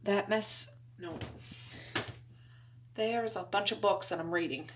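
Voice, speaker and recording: A woman's voice: medium pitch, takes it slowly, a little hiss or hum. A woman, chatting casually to the camera at home while she does housework. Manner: chatty, talking to herself while doing chores. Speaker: vlogger. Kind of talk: casual vlog narration. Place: at home indoors.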